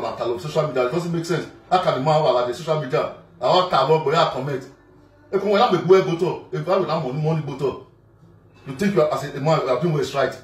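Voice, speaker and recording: A man with a Nigerian accent talking casually and emphatically, repeating himself and filling gaps with "you know". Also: fairly high pitch. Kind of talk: casual direct-to-camera monologue. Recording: echoey room, mic at a distance, faint music.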